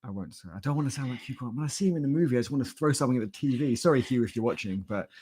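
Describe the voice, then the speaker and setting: A man's voice: mid-range voice, lively intonation, very fast, darkish tone, breathy edge. A man with a British accent co-hosting a live stream, talking casually with a joking, self-mocking, rambling manner.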